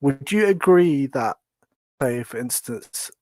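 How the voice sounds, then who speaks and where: A man's voice: medium pitch, animated, takes it slowly, darkish tone, dry recording. London-accented male caller, hesitant, polite, dry close sound. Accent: British (London). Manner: hesitant, restarts often, polite. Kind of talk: phone-in call.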